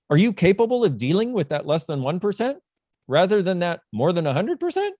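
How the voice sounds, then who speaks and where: Lively man with a dry close sound. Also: high-pitched, brisk, no room sound. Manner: lively, jokey, acts out dialogue. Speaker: guest. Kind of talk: casual explanatory talk.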